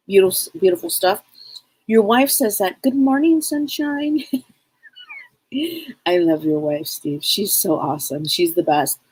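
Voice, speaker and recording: A woman's voice: on the low side, darkish tone, breathy edge, poor audio. A woman hosting a live psychic stream, chatting casually and rambling, greeting viewers by name.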